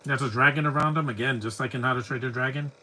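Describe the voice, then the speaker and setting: Chatty man with a bright voice. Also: mid-range voice, steady tone, fast talker, low-quality recording. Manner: chatty, opinionated, rambling asides. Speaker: film commentator. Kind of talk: live movie commentary.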